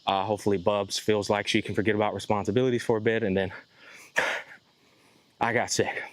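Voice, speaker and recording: A fairly low-voiced man talks into his phone while out on a walk, sounding sick and slightly out of breath. He rambles in a loose, casual way and swears freely. The sound is dry and close, with no room echo. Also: little pitch movement, moderate pace. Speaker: gacha YouTuber. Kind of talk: casual walking vlog. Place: outdoors on a walk.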